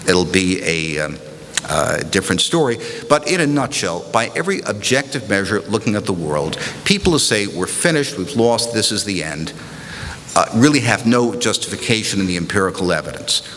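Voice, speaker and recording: A man's voice: on the low side, very animated, moderate pace, fairly bright tone, a little hiss or hum. A man giving a conference panel speech, emphatic, building rhetorical lists, into a podium microphone. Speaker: panel speaker. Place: large hotel conference hall. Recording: echoey hall, faint ambience.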